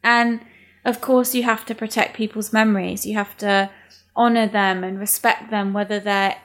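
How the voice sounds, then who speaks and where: A woman's voice: medium pitch, steady tone, moderate pace. A woman, talking candidly in casual podcast chat and swearing freely.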